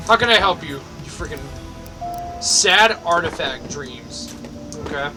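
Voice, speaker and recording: A man's voice: on the high side, animated, a little slow, music in the background. A young man giving sweary, mock-angry let's play commentary. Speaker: gaming video host.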